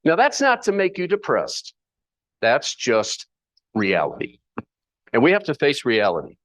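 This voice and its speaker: Lively, playful male Bible teacher. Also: mid-range voice, unhurried. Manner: conversational, playful asides, rhetorical questions. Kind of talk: sermon teaching.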